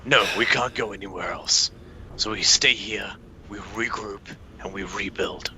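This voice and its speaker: A man's voice: fairly low pitch, unhurried, sharp tone, slight background noise. A man playing his character in a tabletop game, earnest and playful. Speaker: player. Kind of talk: tabletop role-play.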